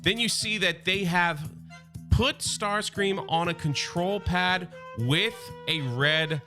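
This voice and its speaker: A man hosting a casual comic book recap, chatty and animated, talking straight to his fans. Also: sits high, slow pace, over music.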